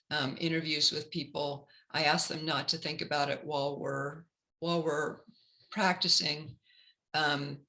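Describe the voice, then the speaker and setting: Bright-voiced woman career counselor. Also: deep voice, poor audio. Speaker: career counselor presenting a webinar. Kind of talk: webinar talk.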